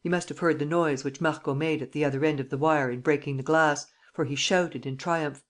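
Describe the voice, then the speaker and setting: An audiobook narrator reading a classic mystery novel in a measured storytelling manner. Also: mid-range voice, steady tone.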